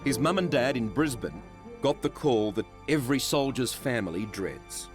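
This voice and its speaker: A man narrating a TV current affairs story in a measured, storytelling way. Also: mid-range voice, animated. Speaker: reporter narrator. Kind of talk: scripted TV narration. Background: music underscore.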